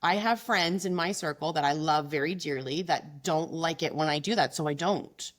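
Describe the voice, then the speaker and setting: A middle-aged woman talking bluntly and emphatically in a casual interview, quick and frank, slipping into mocking quoted voices. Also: low voice. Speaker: guest, business founder.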